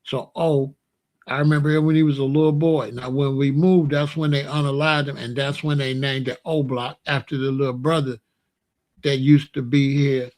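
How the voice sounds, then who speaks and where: A man's voice: mid-range voice, level tone, normal speed, a little mellow. Older man, rambling storyteller. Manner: rambling, pointing things out. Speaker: vlogger. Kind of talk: casual storytelling.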